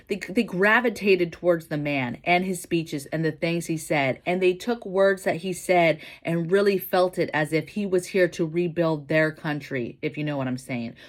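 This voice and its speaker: A woman vlogging about home preparedness, talking casually and emphatically, often tagging her points with "right?". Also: lowish voice. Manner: emphatic, keeps asking "right?". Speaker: prepping vlogger. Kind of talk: casual opinion vlog.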